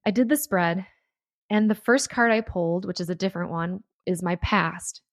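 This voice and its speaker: A woman hosting her own podcast, chatting excitedly and reading tarot passages aloud. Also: fairly low pitch, normal speed, no room sound, clean studio sound. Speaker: podcast host. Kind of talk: casual solo podcast talk.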